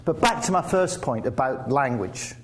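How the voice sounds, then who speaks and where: His voice is mid-range with lively intonation and a moderate pace. The Englishman lectures the public in a lecture theatre in a chatty style, adding wry asides and restarting often, over faint background noise in the hall.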